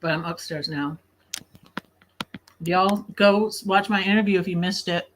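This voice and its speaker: A woman's voice: lowish voice, steady tone, measured pace, a little hiss or hum. A woman hosting a casual late-night livestream from her bed, chatty, laughing often and snacking while she talks. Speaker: livestream host.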